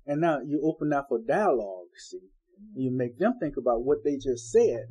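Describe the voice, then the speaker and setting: A man's voice: medium pitch, animated, moderate pace, mellow, husky, low-quality recording. A man preaching an informal Bible-study sermon in a folksy, conversational way, acting out the people he quotes.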